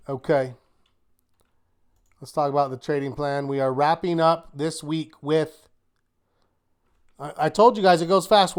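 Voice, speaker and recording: Upbeat slow-talking trading instructor, man. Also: a little high. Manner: upbeat, encouraging, quick asides to students; rhetorical questions in a checklist rhythm. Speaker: trading instructor hosting a weekly market wrap. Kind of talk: live online class, casual teaching.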